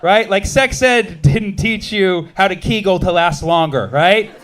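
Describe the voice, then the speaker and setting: A man works a comedy club stage into a handheld mic, his voice sitting a touch high for a man. He delivers his set with punchy timing and quick asides, and he bants with the crowd between jokes. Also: a bit bright. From United States. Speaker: stand-up comedian.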